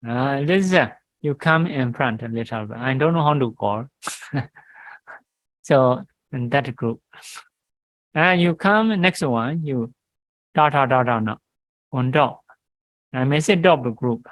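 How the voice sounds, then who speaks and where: A man, a monk teaching Pali grammar in halting English, reciting syllables and pausing often. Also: medium pitch, fairly bright tone, no room sound, rough recording. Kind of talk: grammar lesson. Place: meditation centre classroom.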